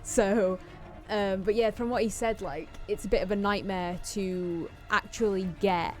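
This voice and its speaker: A woman's voice: mid-range voice, fairly even intonation, measured pace. A young woman with a light Yorkshire accent talks in an easy, chatty way, swearing casually and laughing often. Her voice sits in an ordinary middle range. Faint music plays behind her. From Yorkshire, England. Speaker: co-host. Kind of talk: casual chat over gameplay.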